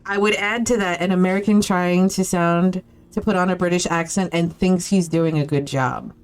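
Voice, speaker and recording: Female game streamer with a lowish voice and loose, chatty, reactive talk over faint game music. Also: fairly even intonation, normal speed, clean tone. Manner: chatty, reacts aloud, swears, laughs often. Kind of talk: casual live-stream commentary.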